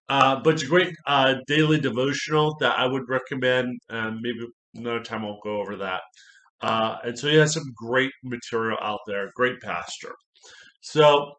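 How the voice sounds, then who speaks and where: A pastor doing a casual book review, rambling and enthusiastic, with many fillers and self-corrections. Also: male voice, medium pitch, fairly bright tone. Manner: enthusiastic, repeats praise.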